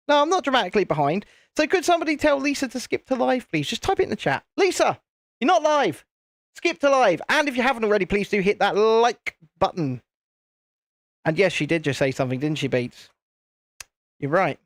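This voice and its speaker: A man's voice: sits high, big pitch swings, fairly quick, a bit bright, dry recording. British man, livestream host, rambling casual chat, jokey, dry close mic. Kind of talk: casual live-stream chat while building.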